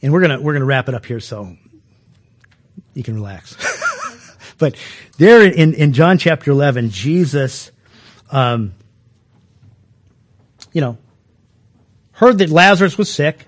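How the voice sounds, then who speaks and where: High-voiced, folksy male preacher. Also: lively intonation, measured pace, pauses often. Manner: folksy, chuckling, many restarts. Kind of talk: conversational sermon.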